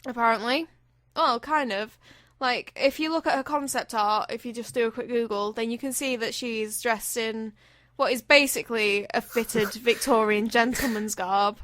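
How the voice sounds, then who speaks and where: Young woman rambling on a podcast, higher voice, dead dry sound. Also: fairly even intonation, normal speed, a bit bright, no room sound. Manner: chatty, rambling, swears casually. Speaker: podcast co-host. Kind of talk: casual chat.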